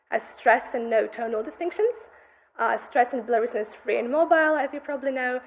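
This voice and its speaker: A woman's voice: on the high side, gravelly, a little hiss or hum. A young woman, a graduate student, presenting her research in a methodical academic conference lecture, heard through a dull, muffled recording. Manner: methodical, explanatory delivery.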